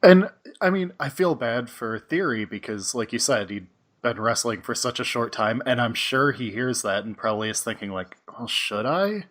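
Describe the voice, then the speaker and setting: A man hosting a casual podcast chat, easygoing, quick to laugh and asking probing follow-up questions. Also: mid-range voice, a bit bright. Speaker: podcast host.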